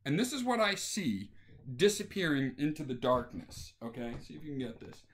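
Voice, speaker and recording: A man's voice: a little high, moderate pace, heavy background noise. A man telling a casual anecdote, acting out the scenes with voices. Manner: animated, acts out scenes with voices. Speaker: storyteller.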